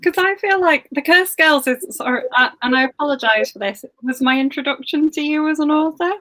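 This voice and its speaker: A woman leads a casual interview, friendly and a little tentative in her questions. Her voice is quite high. The sound is close and dry, with no room around it. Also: fairly quick, bright, forceful tone, no room sound. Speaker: book club interviewer. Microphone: video call.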